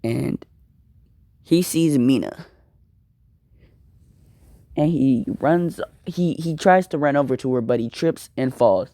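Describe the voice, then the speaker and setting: A man's voice: medium pitch, slow pace, pauses often, mellow, no echo, studio quality. A young man casually improvising a fan-fiction story, slangy and rambling, often repeating words.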